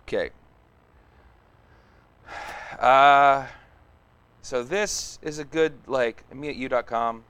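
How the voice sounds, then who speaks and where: A man's voice: medium pitch, slow, long pauses, a bit bright, clean tone, no room sound. A man thinking aloud as he codes on a live stream, muttering, humming and chatting casually. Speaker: live stream host coding. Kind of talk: casual live coding commentary.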